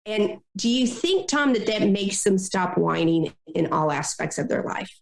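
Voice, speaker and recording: A woman consultant giving advice in a podcast interview, talking in a lively way and acting out complainers in little quoted voices. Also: medium pitch, unhurried, creaky, roomy sound. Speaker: guest consultant on difficult people.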